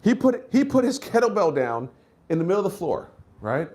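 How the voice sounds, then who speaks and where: This comedian's delivery is sing-song and a little fast. He performs characters with high-pitched shouting and drops into quiet, low muttering between jokes.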